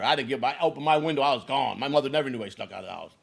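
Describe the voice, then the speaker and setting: A man's voice: medium pitch, rapid-fire, gravelly. A man in his sixties from Chicago, telling a long story in a casual, profane way and acting out the lines of the people in it. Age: 60s. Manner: profane, animated storyteller who acts out quotes.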